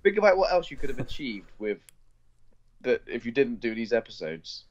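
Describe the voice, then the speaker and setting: A man's voice: mid-range voice, big pitch swings, normal speed, muffled recording. A man with a Bristol accent co-hosting a podcast, rambling and teasing in casual chat. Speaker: podcast co-host.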